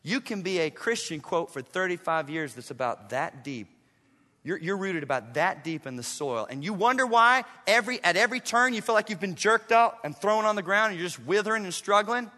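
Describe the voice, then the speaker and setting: A man preaching a sermon to his congregation, animated and acting out his listeners in quoted voices. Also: high-pitched, long reverb tail. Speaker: pastor. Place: church sanctuary.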